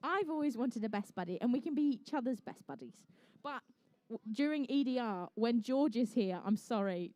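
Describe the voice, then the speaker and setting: New woman, event MC. High, bright, enthusiastic, jokes between play-by-play; dry, close sound. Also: lively intonation, normal speed, dry recording. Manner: bubbly, jokey, enthusiastic. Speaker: event commentator and MC. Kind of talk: live competition commentary with playful banter.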